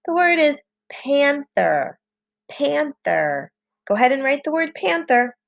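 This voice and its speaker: A woman teacher talks children through a spelling lesson at a very slow, careful pace. Her voice sits a little high and she sounds out each letter patiently. The audio is dull and lo-fi. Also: very animated, vocal fry. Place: home, online lesson.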